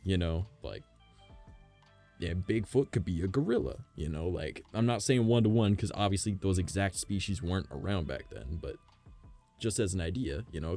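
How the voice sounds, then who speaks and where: Rambling, cussing deep-voiced streamer man. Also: dark tone. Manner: rambling, swears a lot, speculative. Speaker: livestreamer. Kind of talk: casual chat with stream chat. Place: at home, by his desk.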